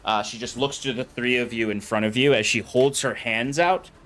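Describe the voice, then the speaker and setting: A man's voice: mid-range voice, steady tone, moderate pace, fairly bright tone. A man narrating as game master of a tabletop game, describing scenes casually with many fillers.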